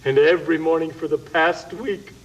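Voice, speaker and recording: A man's voice: a little high, steady tone, moderate pace, highs cut off, lightly acted. A man voicing a vain, melodramatic dragon puppet who moans and wails over his troubles. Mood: moaning. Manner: moaning, melodramatic wailing.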